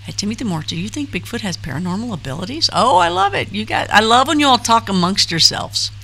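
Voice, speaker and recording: A woman's voice: mid-range voice, expressive, fast, sharp tone. A middle-aged woman hosting a casual live stream, chatting loosely and reading out names from the chat with lots of fillers. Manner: chatty, rambling, reads chat names aloud with frequent fillers.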